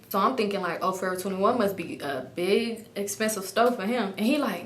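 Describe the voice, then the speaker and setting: A young woman tells a story in a casual, lively way and slips into other people's voices as she quotes them, cursing freely. Her voice is bright and clear, and it echoes in the room around her. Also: medium pitch, brisk. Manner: animated, acts out other people's lines; swears freely. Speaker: storytime vlogger.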